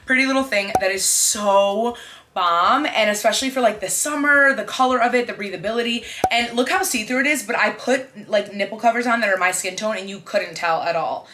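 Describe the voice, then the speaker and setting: A woman in her twenties chatting excitedly to camera about her outfits, with lots of fillers and quick asides. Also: medium pitch, slight background noise. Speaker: fashion vlogger. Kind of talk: casual chat to camera.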